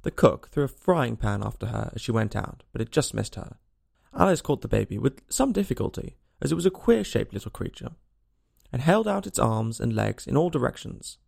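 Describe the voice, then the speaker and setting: Man reading a kids story out loud, super gravelly voice, lots of up and down. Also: medium pitch, moderate pace. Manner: expressive, lilting storytelling. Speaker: narrator.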